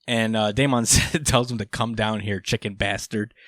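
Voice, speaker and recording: A man's voice: fairly low pitch, steady tone, moderate pace, fairly bright tone, no room sound. A man hosting a podcast, casually recapping a comic chapter, swearing freely with lots of fillers. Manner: laid-back, swears freely, many fillers. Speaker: podcast host.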